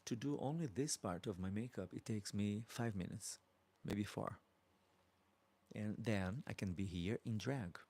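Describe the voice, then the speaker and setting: A man's voice: on the low side, a little mellow. A man in his fifties from Brazil with a Brazilian accent, hosting a live Q&A as a drag performer and affectionately answering viewer comments. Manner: slow and affectionate, calling viewers darling. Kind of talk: casual live-stream chat reading viewer comments.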